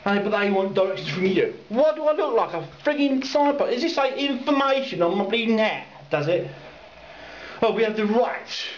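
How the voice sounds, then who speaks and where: Man, angry rambling rant, swearing, lively up-and-down pitch, roomy dull lo-fi recording. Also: slight background noise. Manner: swearing, ranting, mocking drivers in put-on voices. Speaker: cyclist ranting to camera. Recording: roomy, dull lo-fi sound with faint ambience.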